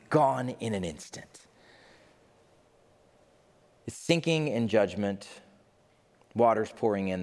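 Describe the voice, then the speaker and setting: A man preaching a sermon in an animated way, briefly acting out the people he talks about in quick put-on voices. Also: mid-range voice. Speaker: pastor. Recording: long hall reverb.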